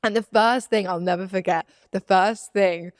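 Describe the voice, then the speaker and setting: A young woman co-hosting a podcast, telling a personal story in casual chat, animated and laughing as she acts out quotes. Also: medium pitch, moderate pace, no echo, clean studio sound. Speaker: podcast co-host.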